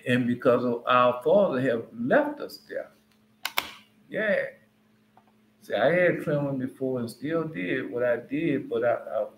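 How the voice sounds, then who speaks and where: A man's voice: mid-range voice, bright, forceful tone, slight background noise. A man giving an informal Bible teaching in a conversational, rambling way with frequent asides. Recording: roomy echo.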